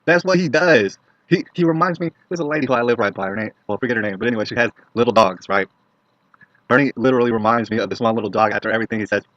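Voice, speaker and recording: Blunt ranting man, low voice. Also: a bit bright, dry recording. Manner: blunt, profane, keeps asking "all right?". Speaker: vlogger. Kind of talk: ranting opinion monologue to camera. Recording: dull lo-fi dry recording.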